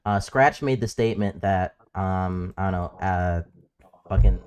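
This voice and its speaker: A man's voice: low voice, a little slow, a little mellow. A man hosting a livestream debate, arguing sarcastically and talking over the others. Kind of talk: heated casual livestream debate.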